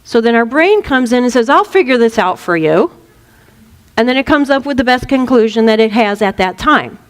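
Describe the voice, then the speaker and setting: This woman, a reverend, speaks on the high side at a moderate pace, and long reverb lingers after her. Her informal spiritual talk is animated storytelling full of playfully acted-out quotes.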